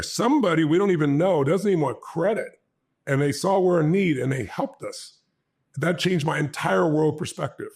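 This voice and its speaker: Gravelly husky man telling his story. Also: mid-range voice. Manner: animated storytelling, acts out his own past lines. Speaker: interview guest. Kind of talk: personal storytelling in an interview.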